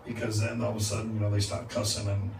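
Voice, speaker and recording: A man's voice: lowish voice, level tone, fast talker, vocal fry. Male preacher, conversational storyteller, distant mic, roomy church with background noise. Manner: conversational, acts out dialogue with laughs. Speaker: guest preacher. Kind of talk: storytelling sermon. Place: church sanctuary. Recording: echoey church from far off with noise.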